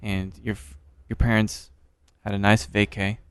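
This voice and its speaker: A man's voice: lowish voice, little pitch movement, unhurried, clean tone, no room sound, studio quality. A man hosting a podcast, asking questions in an upbeat, affirming way with frequent interjections. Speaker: podcast host.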